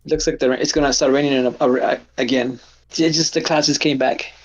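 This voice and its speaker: A man's voice: mid-range voice, brisk, muffled recording. A man hosting a live trading stream, telling stories in casual chat with lots of restarts. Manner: animated storytelling with lots of restarts. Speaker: stream host.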